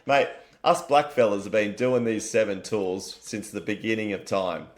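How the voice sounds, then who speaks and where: A man's voice: fairly low pitch, normal speed, lightly acted. A man voicing a teasing, blunt older community elder.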